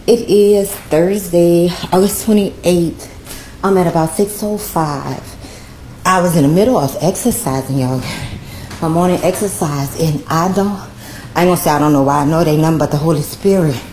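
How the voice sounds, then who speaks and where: New woman caller, mellow low-ish voice, fervent repetitive prayer. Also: moderate pace, slight background noise. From New Orleans. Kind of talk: call-in spoken prayer.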